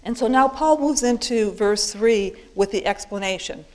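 A woman's voice: mid-range voice, normal speed, low-quality recording. A woman teaching a Bible study group, working through a passage line by line. She explains patiently, leans hard on key words, and stumbles into fillers and restarts.

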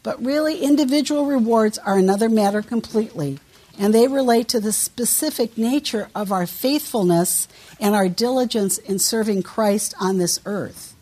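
Husky-voiced woman preaching a sermon. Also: mid-range voice, normal speed, a little mellow. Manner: earnest, emphatic, quotes scripture.

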